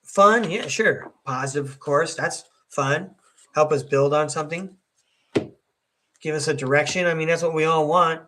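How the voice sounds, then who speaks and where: A man's voice: fairly high pitch, moderate pace, sharp tone, a little hiss or hum. A middle-aged man giving a chatty, upbeat live tarot reading and speaking to viewers by name. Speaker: tarot reader hosting a live stream.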